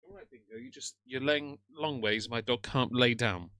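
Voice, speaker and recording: A man's voice: mid-range voice, normal speed, vocal fry, pushed and bright, dry recording. A man hosting a live stream, chatting casually with viewers and teasing the video he is watching. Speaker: livestream host reacting to a video.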